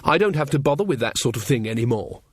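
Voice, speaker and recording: A man's voice: medium pitch, lively intonation, quick pace, husky, no echo, studio quality. A man voicing a touchy young female witch who snaps back indignantly. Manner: snappy, indignant.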